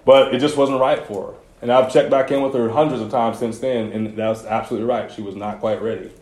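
A man's voice: mid-range voice, fairly even intonation, brisk, darkish tone. A man preaching to a youth group, casual and conversational, telling personal stories with slangy asides. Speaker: youth pastor. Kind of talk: sermon. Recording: echoey room.

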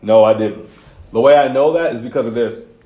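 A man's voice: mid-range voice, fairly quick, mellow. A man preaching to a youth group, casual and conversational, telling personal stories with slangy asides. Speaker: youth pastor. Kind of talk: sermon. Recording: echoey room.

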